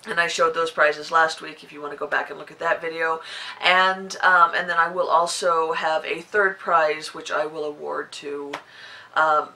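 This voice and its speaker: A woman's voice: low voice, pushed and bright, rough recording. A woman in her forties hosting her knitting podcast, chatting casually to the camera and rambling with lots of fillers. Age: 40s.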